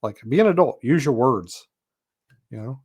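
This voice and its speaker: A male podcast host at a middle pitch, speaking in a loose, unscripted monologue. He wanders through his points with plenty of "you know" and "uh," and his tone stays blunt and mildly exasperated. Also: animated, moderate pace, darkish tone, husky. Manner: rambling, leans on "you know" and "uh" fillers, frank and exasperated. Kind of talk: casual monologue.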